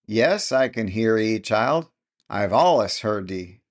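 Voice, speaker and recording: A man's voice: on the low side, lively intonation, takes it slowly. A man voicing a sly old countrywoman who has long pretended to be deaf, speaking in a rustic dialect with a knowing chuckle. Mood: gleeful.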